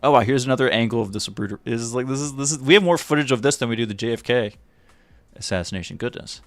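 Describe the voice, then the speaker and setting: Man, live-stream host, mocking running commentary, mid-pitched, dry close sound. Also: fast, no echo. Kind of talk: casual live-stream commentary over a video.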